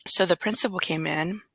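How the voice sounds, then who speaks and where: Bright, husky-voiced woman telling a story. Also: lowish voice, no room sound. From Southern California. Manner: chatty, rambling, with fillers and throat clearing. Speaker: substitute teacher. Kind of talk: casual storytelling vlog.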